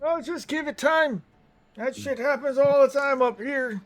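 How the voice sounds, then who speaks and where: A man's voice: very high-pitched, a little slow, voice pushed up. A man doing a cheeky old turtle man. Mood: wry. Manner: teasing, cheeky. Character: chatty old male turtle.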